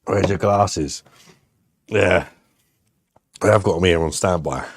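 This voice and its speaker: A man's voice: low-pitched, takes it slowly, slightly rough, dry recording. A man hosting a casual live stream, bantering and joking crudely with viewers. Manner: banter-heavy, jokey and crude.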